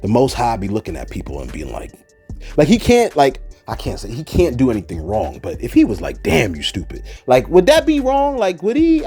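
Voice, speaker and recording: Animated man riffing on gossip. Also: medium pitch, husky. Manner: animated, digressive, preachy asides; mock voices when quoting people. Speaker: commentary host. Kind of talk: casual celebrity gossip commentary.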